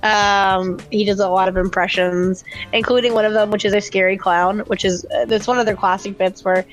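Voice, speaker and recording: A woman's voice: medium pitch, steady tone, normal speed, faint music behind, low-quality recording. Chatty giggly woman podcast co-host. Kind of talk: casual podcast chat.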